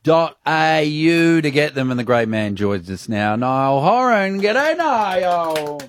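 A man with an Australian accent co-hosting a radio show, asking jokey, animated questions. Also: medium pitch, measured pace, slight background noise. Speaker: radio co-host. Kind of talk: radio interview.

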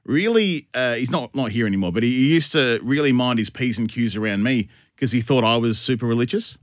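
A man with an Australian accent co-hosting morning radio, telling stories in a laughing, animated way and acting out what people said. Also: mid-range voice, fairly quick, no echo, studio quality. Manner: animated storyteller, laughs often, acts out quotes. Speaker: radio show co-host. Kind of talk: casual morning radio banter.

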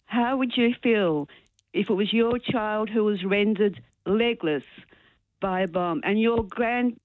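A woman's voice: mid-range voice, no room sound. A woman calling in to a radio show, speaking earnestly and indignantly. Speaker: caller. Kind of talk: phone-in chat. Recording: tinny phone line.

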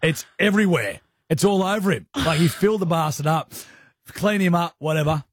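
A man's voice: a little high, lively intonation, fairly quick, breathy edge, dry recording, studio quality. A man with an Australian accent, a radio host rambling through a story in casual, crude, self-deprecating banter. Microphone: studio microphone.

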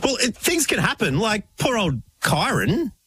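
A man's voice: sits high, huge pitch swings, unhurried, pushed and bright, breathy edge. An Australian man co-hosting a radio show, telling stories in an exasperated way and mimicking others. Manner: storytelling with mock voices, exasperated. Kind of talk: casual banter.

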